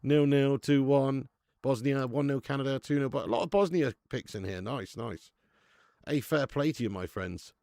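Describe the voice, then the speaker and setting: A man's voice: medium pitch, normal speed, darkish tone, no echo, studio quality. A man hosting a live football watch-along stream, chatting laddishly with viewers and laughing often. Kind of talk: live stream chat and match commentary.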